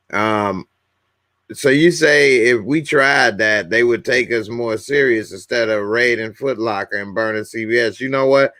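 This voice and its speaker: A man's voice: on the low side, pushed and bright, dry recording, clean studio sound. A man hosting a casual livestream, bluntly commenting and reading viewers' comments aloud. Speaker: livestream host.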